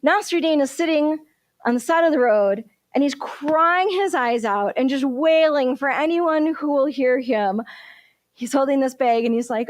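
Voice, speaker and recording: A woman minister giving a sermon, telling stories in an animated way and asking the congregation questions. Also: high-pitched, normal speed, no echo, clean studio sound.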